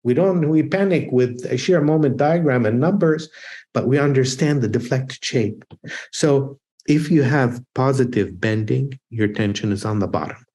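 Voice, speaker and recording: Man, lecture, mellow dark tone, emphatic, repeats key points. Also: medium pitch, moderate pace. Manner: emphatic and repetitive, drills points. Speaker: architecture exam prep instructor.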